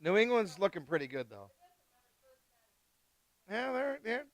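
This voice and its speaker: A man hosting a live wine tasting, chatting casually and excitedly with guests and swearing freely. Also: sits high, unhurried, no room sound. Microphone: live stream mic.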